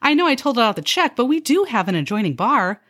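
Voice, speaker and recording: A woman playing a chirpy, sarcastic young restaurant server who mixes bubbly upselling patter with deadpan jabs. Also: fairly high pitch, fast talker, pitched above the performer's own voice. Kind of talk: comedy skit.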